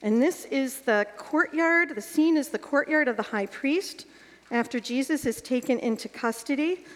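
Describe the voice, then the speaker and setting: A woman's voice: sits high, normal speed, long reverb tail. A woman leading an evening workshop on teaching the Bible, guiding the group and checking with questions as she goes.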